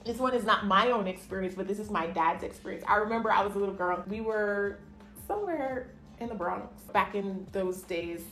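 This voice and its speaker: A woman's voice: mid-range voice, brisk, a bit bright, faint music behind. A woman telling personal stories to camera in a casual vlog, chatty, laughing often and acting out the voices of people she quotes. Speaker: vlogger. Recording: echoey room with faint ambient noise.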